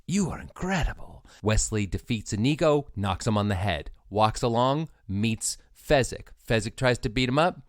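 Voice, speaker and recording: A man co-hosting a podcast, retelling a film's plot in a playful, lively casual chat. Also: fairly low pitch, no room sound, clean studio sound. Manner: lively, playful, slips into quick character voices. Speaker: podcast co-host.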